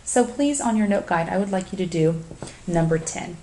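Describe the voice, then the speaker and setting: A woman teacher giving a recorded lecture for a flipped class, slowly reading lists of verb forms and giving assignments. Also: lowish voice, lively intonation, mellow, slight background noise. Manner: deliberate, reads conjugations aloud in lists. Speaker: Spanish teacher.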